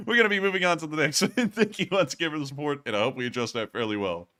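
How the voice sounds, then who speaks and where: A man's voice: fairly high pitch, racing, few pauses, bright, forceful tone. A young man in his twenties hosting a livestream, chatty and jokey, laughing often as he reads through viewer messages. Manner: jokey, laughs often, repeats "oh, man, I'm telling you". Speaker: host. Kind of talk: livestream casual chat.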